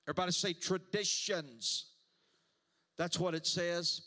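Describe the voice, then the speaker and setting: Pastor, male, high bright voice, slow emphatic sermon delivery. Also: lively intonation. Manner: emphatic preaching, repeats words and calls for responses.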